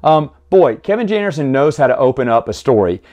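Man, casual book-recap host, excited and rambling, average pitch; reads warm and unpolished. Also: fast. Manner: enthusiastic, rambling with restarts.

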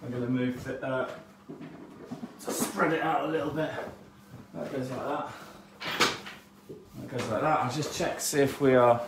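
In an echoey room with a distant mic and faint noise, a man hosts a casual live painting lesson. He chats and jokes while painting and giving instructions, his medium-pitched voice steady, moderately paced, and full of pauses.

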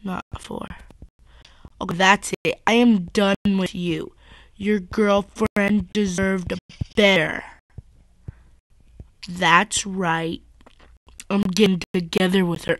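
A woman's voice: mid-range voice, steady tone, slow, pauses often, no echo, low-quality recording. A woman chatting casually while commenting on her Minecraft gameplay, rambling and often correcting herself mid-sentence. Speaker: gaming channel host.

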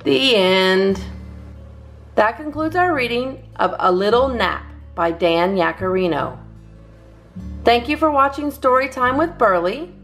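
A woman reading a children's picture book aloud in a lively, sing-song way. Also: fairly high pitch, measured pace, faint music behind. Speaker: children's story reader. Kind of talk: read-aloud storytime.

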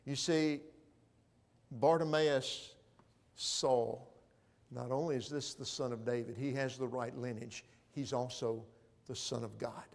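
A man preaching a sermon in a church, moving between loud proclaiming and quiet, hushed appeals. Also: medium pitch, steady tone, measured pace, gravelly. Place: church sanctuary.

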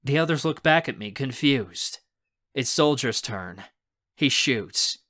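A man narrating a young adult novel in the first person, expressive and acting out the scenes. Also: medium pitch, slow. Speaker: audiobook narrator.

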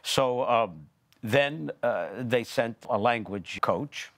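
A man's voice: mid-range voice, expressive, slow pace. An older man, an actor and former opera singer, talking chattily as a TV interview guest, rambling with restarts. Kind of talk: TV interview conversation.

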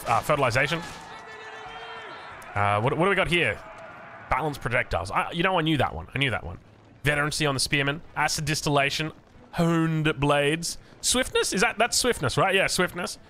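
A man's voice: a little high, pushed and bright. A man with an Australian accent doing chatty esports commentary on a strategy game, with self-mocking asides. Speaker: game caster.

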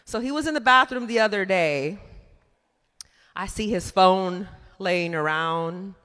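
A woman performing a stand-up comedy set, chatty and animated, laughing at her own jokes on a club stage. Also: medium pitch, measured pace. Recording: reverberant club room.

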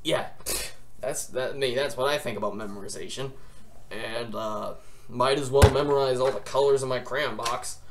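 Young guy vlogging, mid-pitched voice, goofy swear-heavy rant, bit of faint hiss behind. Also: normal speed. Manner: joking, swearing, exaggerated. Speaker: gaming vlogger. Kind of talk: rambling comedic rant.

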